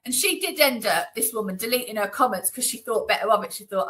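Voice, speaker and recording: A woman's voice: mid-range voice, lively intonation, fast, fairly bright tone, low-quality recording. A woman being interviewed, talking in a chatty, indignant way with lots of fillers. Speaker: interview guest. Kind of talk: conversational interview. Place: Northamptonshire.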